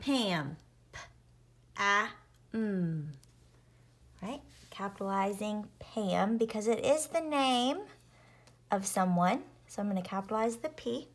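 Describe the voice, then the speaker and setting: A woman with an animated, medium-pitched voice leads young children through a phonics lesson, sounding out each letter slowly and clearly.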